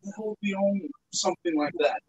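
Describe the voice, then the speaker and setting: A man's voice: sits high, brisk, breathy edge, dull audio. A man off camera, teasing the host in a playful way.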